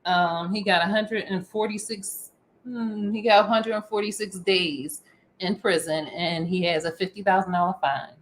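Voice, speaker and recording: A woman's voice: medium pitch, fairly even intonation, normal speed, slight background noise. A middle-aged woman co-hosting a casual podcast chat, playful, laughing often and filling her talk with ums. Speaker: podcast co-host.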